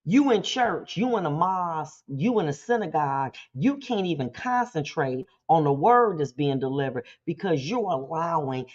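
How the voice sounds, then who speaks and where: Sitting low in pitch, this woman's voice comes through lo-fi audio. She hosts a motivational show, preaching conversationally with plenty of animation and quick impressions to act things out.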